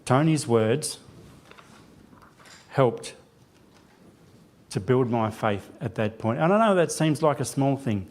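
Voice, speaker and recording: A man's voice: medium pitch, animated, slow pace, long pauses, darkish tone. A man giving a church sermon as a lay preacher, telling a self-deprecating personal story with quoted dialogue. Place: church sanctuary.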